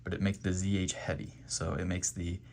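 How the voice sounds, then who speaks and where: A man with a deep, darkish voice gives a step-by-step Quran reading lesson, speaking fairly quickly in a level tone. He patiently repeats letter sounds for pronunciation and checks in with "okay?"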